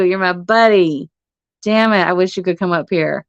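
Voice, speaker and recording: A woman's voice: fairly low pitch, brisk, vocal fry, no echo. A middle-aged woman, hosting a casual livestream from her phone at home, laughing often and swearing casually. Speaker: livestream host. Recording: muffled phone stream audio.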